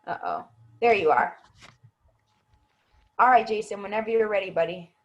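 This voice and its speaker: A woman's voice: medium pitch, animated, normal speed, dull audio. A woman acting coach giving patient, encouraging feedback to students in an online class over a video call. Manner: encouraging, patient, explains at length. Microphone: video call microphone.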